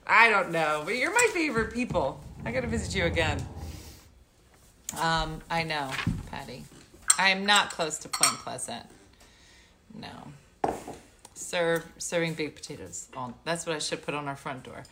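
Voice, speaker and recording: Chatty lively woman hosting a livestream. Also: low voice, normal speed, slight background noise. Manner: chatty, storytelling, mock-outraged, laughs often. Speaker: livestream host. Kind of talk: casual chat on a livestream. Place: home, indoors.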